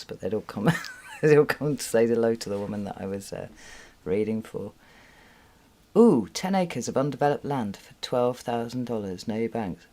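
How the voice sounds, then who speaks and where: A woman's voice: rumbling low, normal speed, mellow. A British woman who reads tarot, chatting on her live stream from a room at home, rambling, laughing often and swearing freely. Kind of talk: casual live-stream chat.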